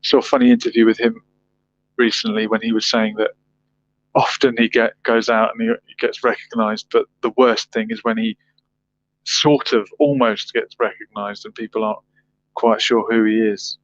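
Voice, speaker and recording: A man's voice: on the low side, flat delivery, moderate pace. A man hosting a livestream, chatting casually, reading viewer comments and musing aloud with rhetorical questions. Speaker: livestream host. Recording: dull lo-fi dry sound.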